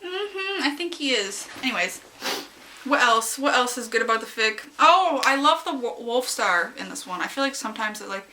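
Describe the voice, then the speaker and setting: At a normal speed and against a noisy background, a young woman gushes about a story she loved. Her fanfic review is casual and meandering, full of giggles and high-pitched squeals as she plays out her reactions.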